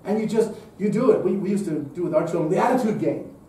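A man's voice: sits high, animated, fast talker, mellow, distant mic, a little hiss or hum. Emphatic lecturing man in a hall. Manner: emphatic, with rhetorical questions. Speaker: speaker at a public event. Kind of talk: lecture-style talk.

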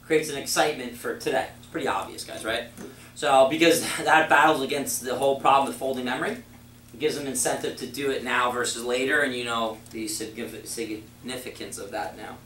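A man's voice: mid-range voice, a little fast, slight background noise. A man running a sales training session for a room of new reps, acting out short example dialogues as he teaches. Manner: energetic, uses acted example dialogues. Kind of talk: classroom sales training talk. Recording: echoey room, mic far off.

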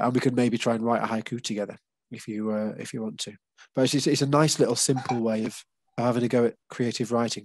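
A man's voice: on the low side, darkish tone, dry recording. Man, English accent, patient explainer, hesitant fillers, dry close sound. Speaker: workshop leader. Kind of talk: casual group session.

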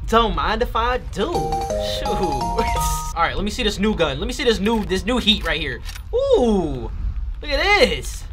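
A man playing a video game and commenting live, excitable and loud, trash-talking enemies and swearing when scared. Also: sits high, a little slow, music in the background. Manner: trash-talks enemies in a playful street tone. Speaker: gaming YouTuber. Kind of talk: let's play commentary.

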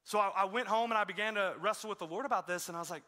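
A man's voice: sits high, rapid-fire, pushed and bright. A man preaching a conversational sermon as a pastor, telling stories in a casual way with self-deprecating humor. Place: church sanctuary.

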